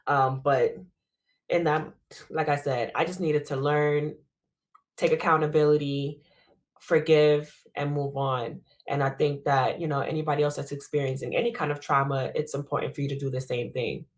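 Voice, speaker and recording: A woman's voice: low-pitched, fairly even intonation, normal speed. Reflective woman talking earnestly. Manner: reflective, earnest, peppered with "you know". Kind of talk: casual chat.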